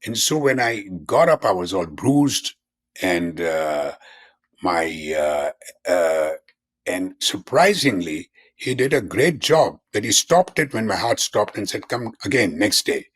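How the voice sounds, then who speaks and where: An older man speaks as a physician guest in an interview, his voice low and husky. He explains earnestly and comes back to key terms again and again. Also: big pitch swings, slow, a bit bright. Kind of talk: conversational interview.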